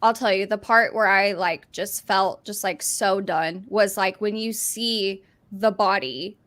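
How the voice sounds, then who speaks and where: A woman chatting excitedly on a podcast, gushing and filling her talk with "like". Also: medium pitch, unhurried. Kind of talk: casual chat.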